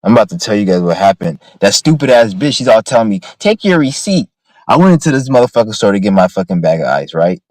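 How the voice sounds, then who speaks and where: Fast-talking profane ranting man. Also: lowish voice, sing-song, a little mellow, no echo, low-quality recording. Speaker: vlogger. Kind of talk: angry rant to camera.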